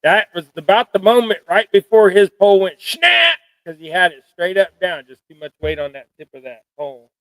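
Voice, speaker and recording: A man's voice: high-pitched, sing-song, normal speed, hardly any pauses, a bit bright, no room sound, rough recording. A middle-aged man hosting a fishing stream, chatting in a rambling, folksy, self-deprecating way while he ties jigs at home. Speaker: fishing channel host. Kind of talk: casual live-stream chat while tying jigs.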